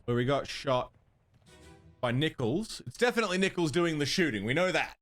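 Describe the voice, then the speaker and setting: A man's voice: on the high side, expressive, normal speed, a bit bright. A man thinking aloud as he streams a puzzle game, muttering and counting under his breath. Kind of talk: casual gameplay commentary. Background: game music.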